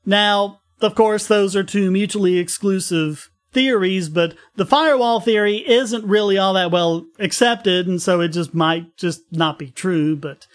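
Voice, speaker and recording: A man's voice: sits high, unhurried, few pauses. A man co-hosting a casual science podcast, explaining a physics story at length and laughing easily.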